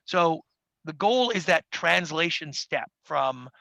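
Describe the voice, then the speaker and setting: Podcast guest, male, gravelly and bright, dry studio sound, acts out quotes. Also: on the high side, animated, no echo, poor audio. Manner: acts out quoted people in quick voices. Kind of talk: animated interview talk. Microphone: studio mic.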